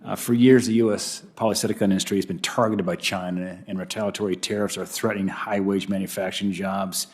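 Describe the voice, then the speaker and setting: A man, a senator, putting brisk questions to a nominee at a hearing, pressed for time. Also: low voice, little pitch movement.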